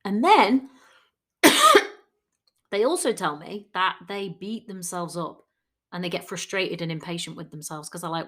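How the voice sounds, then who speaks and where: A woman coach giving a chatty solo podcast talk. She acts out quoted people in lively voices. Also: on the low side, moderate pace.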